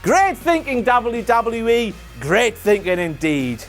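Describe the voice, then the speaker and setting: Man, comedy recap host; high-pitched, animated, sweary and sarcastic. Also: slow pace, soft background music. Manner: sarcastic, profane, jokey, slips into silly voices. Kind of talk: comedic wrestling commentary.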